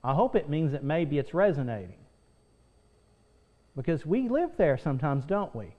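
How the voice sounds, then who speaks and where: High-voiced earnest male preacher. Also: very animated, normal speed, highs cut off. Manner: earnest, reads scripture aloud, repeats phrases for emphasis. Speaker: pastor teaching Sunday School. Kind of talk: preaching Bible lesson.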